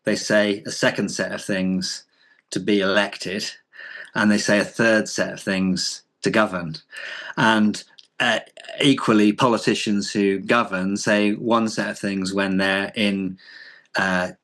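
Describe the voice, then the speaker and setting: A man, chatting as a podcast co-host. He talks in a thoughtful, measured way, pausing often and filling the gaps with ums and uhs. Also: fairly low pitch, fairly bright tone. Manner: reflective, measured, with frequent fillers. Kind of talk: casual chat.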